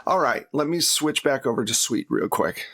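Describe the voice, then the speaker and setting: A man narrating a tabletop game as game master in a relaxed way, laughing often. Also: mid-range voice, normal speed.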